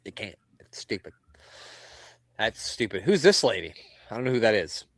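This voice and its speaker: A man's voice: lowish voice, very animated, moderate pace, no room sound. A man co-hosting a wrestling podcast in casual chat, loose and profane, laughing often. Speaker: podcast co-host.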